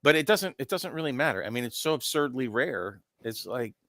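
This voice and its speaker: A man's voice: mid-range voice, animated, fairly quick, sharp tone, dry recording, clean studio sound. A man born and raised in Virginia, co-hosting a casual card game round table and explaining things patiently with plenty of "um"s. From Virginia, US Southern. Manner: explains patiently, with many "um"s and repeated "no, no". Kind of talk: casual chat.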